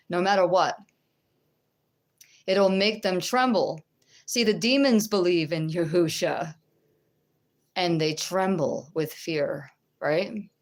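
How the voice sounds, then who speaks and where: A middle-aged woman giving a religious teaching and testimony, conversational and halting, often checking in with the listener. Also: fairly low pitch. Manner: halting, with restarts.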